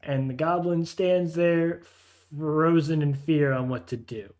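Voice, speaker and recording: A man's voice: a little high, slow pace, a little mellow. Man, game master, tabletop narration, hesitant, lots of filler words. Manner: hesitant, many fillers and restarts.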